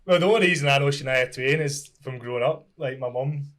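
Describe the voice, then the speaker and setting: A man's voice: mid-range voice, brisk, fairly bright tone. A young man with a Scottish accent, a guest in a casual chat, rambling through restarts and laughing often. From Scotland.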